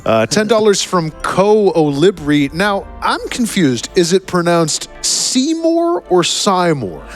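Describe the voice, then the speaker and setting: A man's voice: sits high, lively intonation, unhurried, faint music behind. A man hosting a live charity gaming marathon, reading out donations with a playful, joking manner. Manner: playful, jokey, laughs often. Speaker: event host reading donations.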